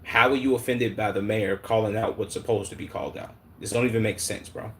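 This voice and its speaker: A man streaming live, his voice sitting on the lower side. He talks bluntly with plenty of slang and swearing. He restarts his sentences as he thinks them through, with a faint hum of noise behind him. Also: steady tone, fairly quick. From Chicago. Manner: blunt, heavy slang and swearing, calls the audience "gang" and "bro"; thinks aloud with many restarts and repeated words. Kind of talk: live-stream commentary reacting to chat.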